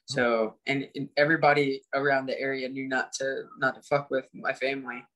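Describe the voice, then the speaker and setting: A man around thirty from Indiana, a fighter chatting as a podcast guest, energetic and rambling with many fillers and restarts. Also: mid-range voice, brisk. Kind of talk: casual podcast chat.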